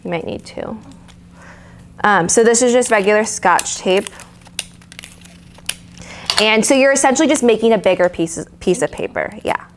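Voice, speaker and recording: A woman's voice: mid-range voice, normal speed, pauses often, a little hiss or hum. Woman teaching lettering, casual and encouraging. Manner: casual, encouraging, with filler and restarts. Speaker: art instructor. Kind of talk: live lettering tutorial.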